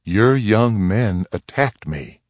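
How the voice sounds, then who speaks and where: A man's voice: on the low side, lively intonation, slow, no room sound. A man voicing a proud, steadfast frontier mother in a read-aloud western, speaking firmly and with dignity. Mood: firm, dignified. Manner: firm, dignified, plainly spoken.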